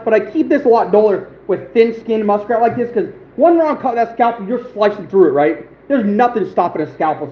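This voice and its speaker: With a roomy echo and faint noise behind him, a man hosts an outdoor livestream, rambling casually to viewers and using lots of fillers. His voice sits high, and the recording's highs are cut off.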